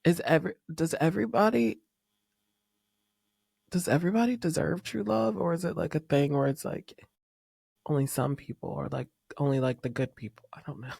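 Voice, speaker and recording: A man hosting a casual pop music podcast, talking in an excitable, gushing fan manner with sudden whispers. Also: fairly high pitch, moderate pace, creaky, long pauses, husky, no echo, studio quality. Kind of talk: casual chat.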